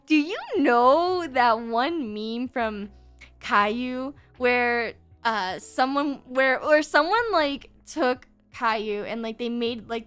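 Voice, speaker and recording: A young woman with a high voice chats on a live stream while drawing. She rambles and giggles, excitable and loose. Soft music plays behind her. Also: clean tone. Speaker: VTuber streamer. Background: faint background music.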